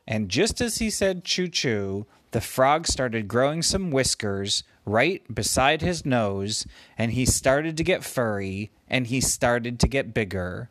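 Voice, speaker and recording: Man telling an improvised bedtime story, unhurried, lively lilt, dry close mic. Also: medium pitch, no echo. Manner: meandering, gently playful.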